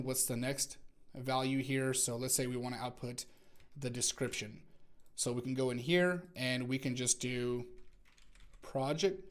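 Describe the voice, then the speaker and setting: A man teaching a coding lesson in a screencast, talking through each step as he types and correcting himself along the way. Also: mid-range voice. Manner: talks through typing step by step, self-correcting. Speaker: programming instructor.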